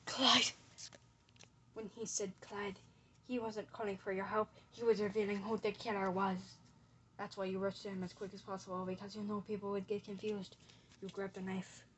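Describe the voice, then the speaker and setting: A woman's voice: mid-range voice, little pitch movement, fairly quick, noisy background. A woman narrating a mystery reveal, theatrically accusing the culprit as she retraces the crime step by step.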